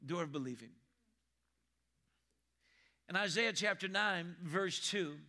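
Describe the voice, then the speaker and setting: Emphatic high-voiced male pastor preaching. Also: animated, pushed and bright. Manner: emphatic, repeats key lines slowly; reads scripture slowly and deliberately. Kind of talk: sermon.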